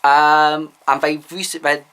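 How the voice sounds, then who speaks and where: A man's voice: on the high side, little pitch movement, slow, a bit bright, clean tone. A man giving candid, opinionated views in a rambling casual vlog. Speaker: vlogger.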